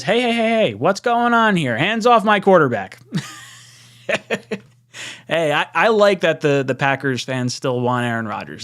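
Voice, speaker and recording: Excitable young man hosting a live stream. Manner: excitable, laughs often, jumps into higher pitch when reading chat. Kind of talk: casual live stream chat reading viewer comments.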